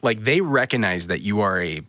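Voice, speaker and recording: Lively man telling a story with a dry sound. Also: moderate pace, dry recording. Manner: animated storytelling, mimics voices in high pitch. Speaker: podcast host. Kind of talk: casual chat.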